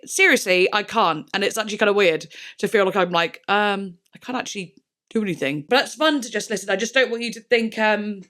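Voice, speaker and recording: A woman hosting a music reaction video, talking casually and excitedly, rambling with lots of filler words and humming bits of the tracks. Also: medium pitch. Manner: excitable, hums and mimics song parts.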